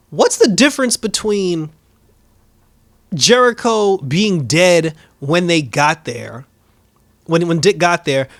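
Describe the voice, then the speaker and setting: Man, high voice, animated, profane, casual reaction recap, quick mimicry of characters. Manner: animated, laughing, slangy and profane. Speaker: show recap host.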